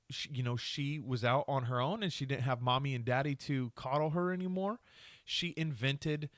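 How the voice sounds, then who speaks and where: A man's voice: medium pitch, dry recording, clean studio sound. A man hosting a podcast, ranting angrily and swearing a lot, trailing off and restarting his sentences. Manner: angry, profane ranting with rambling restarts. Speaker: podcast host. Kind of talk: solo podcast rant.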